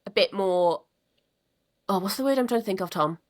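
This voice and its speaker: A woman's voice: mid-range voice, brisk. A woman hosting a podcast in casual interview chat, enthusiastic and sweary, just getting over a cold. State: recovering from a cold. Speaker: podcast host.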